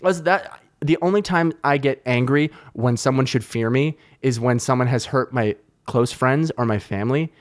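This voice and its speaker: A man's voice: medium pitch, normal speed. A young man hosting a podcast, telling stories in a casual, heated, profane way. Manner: animated, profane, heated retelling of anecdotes. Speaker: podcast host. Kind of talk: casual storytelling chat.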